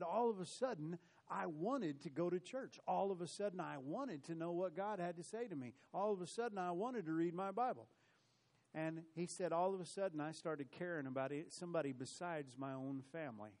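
A man preaching a sermon in a slightly higher voice. He tells a story loosely, restarting phrases and repeating words as he goes. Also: a little mellow.

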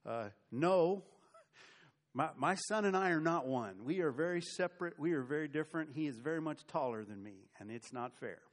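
Animated preaching man, middle-aged. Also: on the high side, moderate pace. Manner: animated preaching, dynamic swings between loud and soft; humorous asides. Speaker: pastor. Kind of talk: sermon.

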